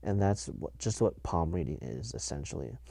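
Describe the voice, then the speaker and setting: A man's voice: deep voice, animated, normal speed, vocal fry, mellow, no room sound, clean studio sound. A young man hosting a casual solo podcast, rambling and correcting himself as he talks. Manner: rambling, self-correcting, laughs at his own jokes. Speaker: podcast host.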